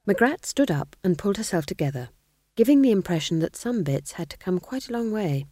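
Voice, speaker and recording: A woman reading a comic fantasy novel aloud in a wry, expressive storytelling manner. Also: medium pitch, a little fast, no room sound, studio quality. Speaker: audiobook reader. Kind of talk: scripted narration.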